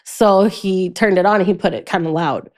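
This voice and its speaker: As a guest on a podcast, a young woman with a mid-range voice candidly relates a painful personal story. She frequently breaks off and starts over, and the most difficult moments leave her quiet.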